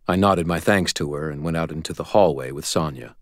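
A man reading a first-person audiobook in an even, understated manner. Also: very deep voice, fairly quick, no room sound, clean studio sound. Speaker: audiobook narrator.

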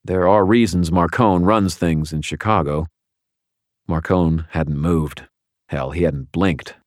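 A man narrates a first-person audiobook with wry, dry timing. His voice is very low. The booth recording is dry and close. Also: slow, no echo.

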